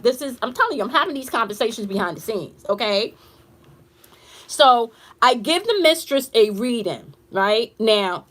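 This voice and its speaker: A woman's voice: on the high side, fairly bright tone. A woman who works as an intuitive reader and coach tells a client story on a casual live stream. She talks bluntly, swears freely, and speaks straight to her viewers.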